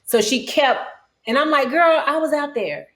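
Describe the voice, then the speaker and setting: A woman, a guest telling a story in casual talk, acting out her own quotes with big jumps in voice. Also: moderate pace. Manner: animated, quoting herself with sharp pitch jumps. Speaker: guest, reality TV cast member.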